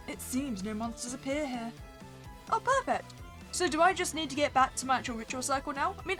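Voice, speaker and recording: A woman's voice: high voice, fairly bright tone. A woman streaming a game, chatting wryly and reading the story text aloud. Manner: chatty, wry, asides to herself. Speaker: let's play streamer. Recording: faint background music.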